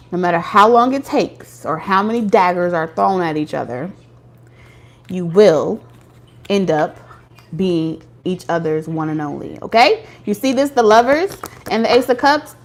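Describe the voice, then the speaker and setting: A woman doing a casual tarot reading for viewers, talking bluntly with slang and profanity. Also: mid-range voice. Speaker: tarot reader.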